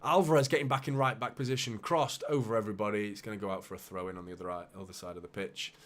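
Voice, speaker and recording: A man hosting a live football watchalong, calling the play with bursts of excitement and muttered asides. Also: lowish voice, quick pace. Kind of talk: live match commentary for a fan watchalong.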